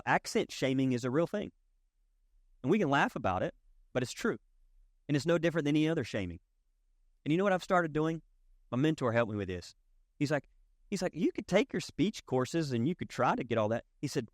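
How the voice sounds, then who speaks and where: A pastor from East Tennessee with a Southern accent, preaching in a conversational, animated storytelling way. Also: male voice, medium pitch, no echo, clean studio sound. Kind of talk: sermon. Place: church.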